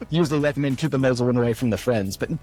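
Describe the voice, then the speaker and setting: A man's voice: mid-range voice, quick pace, darkish tone, soft background music. A young adult man, a voice actor, chatting loosely in an interview and filling his talk with "like" and "you know". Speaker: voice actor guest. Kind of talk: casual interview chat.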